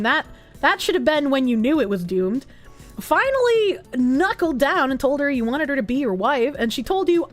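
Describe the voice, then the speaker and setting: A young woman streams and reads donations in a high, very lively voice. She swears casually and laughs often. Faint music plays behind her. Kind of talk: casual chat reading donations.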